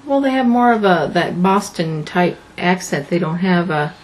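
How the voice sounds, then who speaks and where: A woman's voice: lowish voice, lively intonation, moderate pace. A woman co-hosting a casual talk show, asking curious, skeptical questions. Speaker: co-host. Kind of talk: casual banter.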